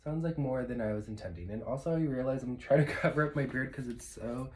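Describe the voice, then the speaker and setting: A man's voice: medium pitch, fast talker, low-quality recording. Chatty man rambling over dinner. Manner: rambling and chatty, with many fillers. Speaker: vlogger. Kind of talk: casual eating vlog chat. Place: at home, eating at a table.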